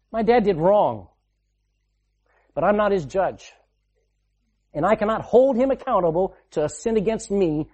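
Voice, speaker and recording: Mellow-voiced preacher delivering a dramatic sermon. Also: male voice, sits high, slightly rough. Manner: dramatic swings between loud and hushed delivery; repeats phrases for emphasis.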